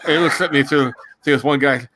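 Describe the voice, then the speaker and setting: A man hosting a casual chat, telling a story in a rambling, halting way with many restarts. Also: medium pitch, bright, forceful tone, slight background noise. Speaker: psychic reader, show host.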